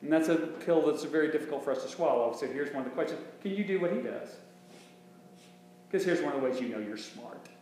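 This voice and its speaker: A man's voice: a little high, expressive, brisk, darkish tone. A male minister preaching a conversational sermon, full of restarts and rhetorical questions. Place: church sanctuary. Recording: very echoey church room with faint hum.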